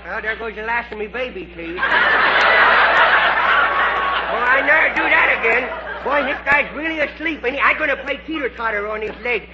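A man's voice: very high voice, lively intonation, fast talker, over a noisy crowd. A man voicing a tiny, chatty male cartoon prankster who giggles and muses aloud to himself, in vintage cartoon voice acting. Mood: playful. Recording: dull lo-fi old film soundtrack with loud hiss.

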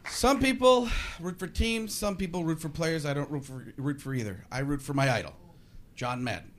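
A man doing stand-up on a club stage, his voice pitched high and sarcastic as he spins animated stories. A crowd laughs loudly around him. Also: moderate pace, heavy background noise. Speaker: stand-up comedian. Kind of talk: stand-up comedy. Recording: live club with audience laughter.

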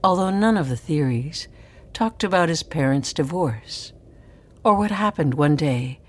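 A woman telling a personal story in a measured, intimate spoken-word style. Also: deep voice, expressive. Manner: measured, intimate delivery that drops to whispers.

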